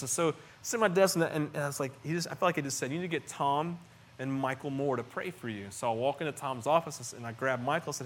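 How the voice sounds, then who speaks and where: A middle-aged man delivering a sermon, his voice sitting somewhat high for a man. He speaks earnestly and conversationally, restarting phrases and moving between hushed and louder moments. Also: fast, a little hiss or hum. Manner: earnest and conversational, with frequent restarts and swings in loudness. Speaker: pastor.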